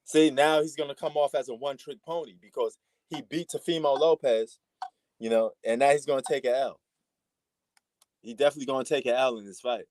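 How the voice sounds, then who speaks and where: A man's voice: mid-range voice, steady tone, brisk, darkish tone. A man from New York with a New York accent, giving slangy, laid-back live commentary on a boxing match as a stream host. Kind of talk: casual live fight commentary.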